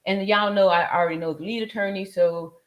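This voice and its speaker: A woman's voice: mid-range voice, steady tone, a little fast. A woman in her forties hosting a casual livestream, chatting loosely with many fillers and frequent laughs. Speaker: livestream host. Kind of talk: casual livestream chat reading viewer comments.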